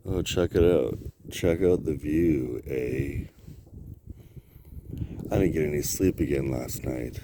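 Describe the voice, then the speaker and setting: Man, sleep-deprived, very deep voice, slow rambling talk, profane, outdoor video diary, wind and ambience behind. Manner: profane, tired and rambling, laughing often. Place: outdoors by water.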